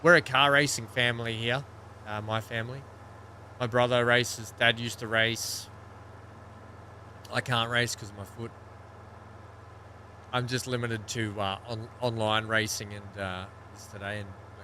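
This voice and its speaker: A man's voice: fairly low pitch, flat delivery, moderate pace, pauses often, bright, forceful tone, a little hiss or hum. A man hosting a live gaming stream, chatting casually and greeting viewers by name as he plays. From Australia.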